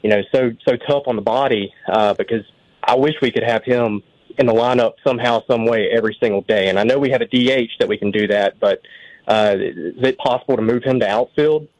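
A man's voice: medium pitch, brisk, a little mellow, dry recording, low-quality recording. Male radio caller. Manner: rambling, hesitant, with fillers. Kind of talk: call-in question to a radio show.

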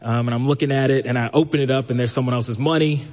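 A man's voice: medium pitch, quick pace. Man telling a story on stage. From New York, Brooklyn. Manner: lively, acts out quoted voices. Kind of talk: live personal storytelling. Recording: long hall reverb.

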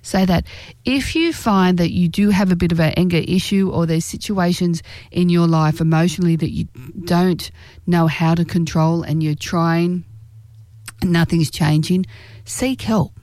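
A woman giving relationship advice in a direct, earnest way, slowing down to stress key phrases. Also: lowish voice, fairly even intonation, a little mellow, no echo. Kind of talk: direct-to-camera advice talk.

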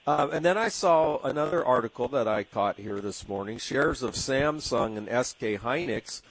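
A man's voice: medium pitch, expressive, moderate pace, slight background noise, poor audio. A man from Southern California with a San Diego accent, hosting a talk radio show in a rambling way, full of fillers and restarts. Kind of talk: casual radio commentary.

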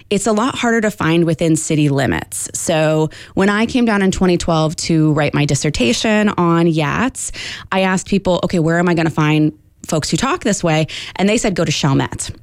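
A woman linguistics professor answering radio interview questions in a clear, measured, explanatory way. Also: fairly low pitch, no echo, clean studio sound.

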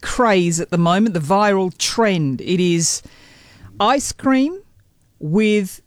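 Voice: mid-range voice, animated, slow, no echo. Chatty, bossy radio host. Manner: chatty, bossy, mock-exasperated. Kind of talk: casual on-air banter. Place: radio studio.

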